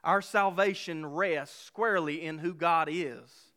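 Delivering a sermon, a pastor speaks in a smooth, resonant voice pitched a little high for a man, with a sharp tone. His preaching is emphatic: he presses hard on key phrases and slows down so the weighty lines land.

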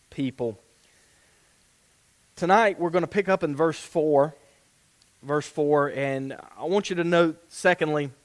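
A man preaching a sermon and reading scripture aloud, earnest and given to restarting phrases. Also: fairly high pitch. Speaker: pastor.

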